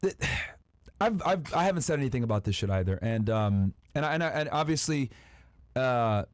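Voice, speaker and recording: A man's voice: mid-range voice, no echo, studio quality. A man co-hosting a podcast, giving his commentary on a recorded call. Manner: quick, lively commentary. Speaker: podcast co-host.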